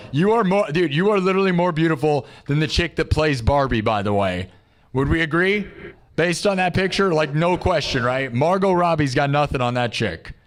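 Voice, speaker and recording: A man's voice: on the high side, normal speed. Rambling streamer man with long reverb. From United States. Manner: rambling and excitable, says "dude" constantly. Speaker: live-streaming musician and host. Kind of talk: casual live-stream chat.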